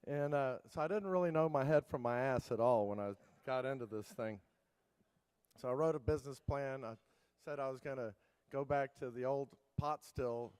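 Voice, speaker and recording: A man's voice: medium pitch, normal speed, a little mellow, clear, resonant tone. A man giving a keynote talk, telling his story in a loose, rambling way with many fillers and restarts. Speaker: keynote speaker. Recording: long hall reverb.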